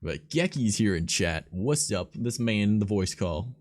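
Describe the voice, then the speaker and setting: A man's voice: lowish voice, lively intonation, unhurried, a little mellow. A young man hosting a livestream, telling stories in a rambling, profane, filler-heavy casual way. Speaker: streamer host.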